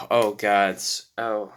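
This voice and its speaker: Extremely slow and flat, this young man's lowish voice is fairly bright, clear and resonant. He speaks nervously about himself in a confessional YouTube vlog, apologetic and self-deprecating, with many sighs, apologies and restarts.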